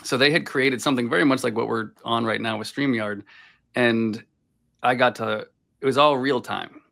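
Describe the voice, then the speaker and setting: A man's voice: medium pitch, normal speed, vocal fry, a bit bright. A man from Boston, a voice actor guest, telling rambling anecdotes in a casual interview over a video call. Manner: rambling anecdotes full of filler "like".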